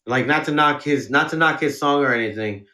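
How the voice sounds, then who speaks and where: A man's voice: medium pitch, brisk, bright, forceful tone. Laid-back, cussing male rapper guest. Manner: laid-back, slangy, swears freely. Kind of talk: casual interview chat.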